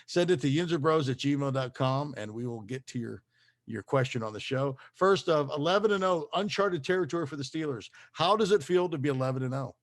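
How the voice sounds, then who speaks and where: A man's voice: medium pitch, animated, a little fast. Laughing, teasing man co-hosting. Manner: laughs often, teasing, leads the segments. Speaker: podcast co-host. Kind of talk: casual sports chat.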